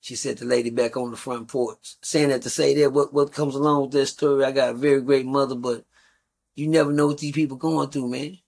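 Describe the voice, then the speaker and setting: A middle-aged man with a gravelly, creaky voice at an ordinary pitch, talking as a guest. He tells long stories in a rambling, blunt style with plenty of profanity and casual asides to his listeners. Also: little pitch movement, fairly quick, darkish tone. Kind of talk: casual storytelling.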